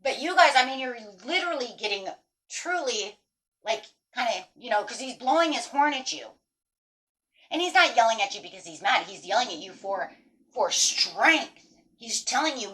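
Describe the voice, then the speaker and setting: A woman giving a casual tarot reading, talking straight to her viewers in an animated, emphatic way and swearing now and then. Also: fairly high pitch, normal speed. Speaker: tarot reader.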